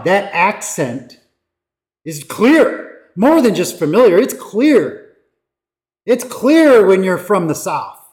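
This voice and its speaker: A man preaching a sermon as pastor, emphatic, with dramatic pauses and quoted lines acted out. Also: high-pitched, darkish tone.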